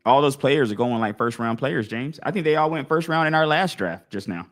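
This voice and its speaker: Man, casual chat, thinking out loud, playing crowd voices. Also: medium pitch, brisk. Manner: animated, talks through his choices out loud, acts out imagined crowd voices. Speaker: fantasy football league podcast host. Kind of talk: casual live-stream chat.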